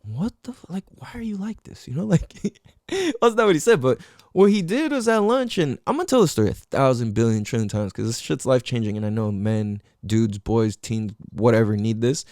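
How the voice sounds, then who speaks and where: A young podcast host recounts a personal story in an animated, casual way, loaded with street slang, cursing and fillers such as "like" and "you know." His medium-pitched voice moves fairly quickly, captured in studio quality with no echo.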